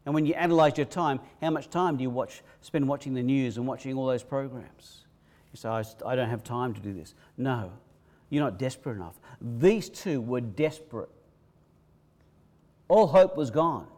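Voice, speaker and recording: A male pastor, preaching a sermon with emphatic repetition, swinging between loud bursts and quiet hushes. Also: medium pitch, expressive, moderate pace, long pauses. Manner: preaching with rising, emphatic repetition and sudden drops to a hush.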